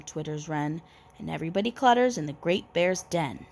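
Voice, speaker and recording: A woman reading a children's picture book aloud with expressive storytelling. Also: lowish voice, moderate pace.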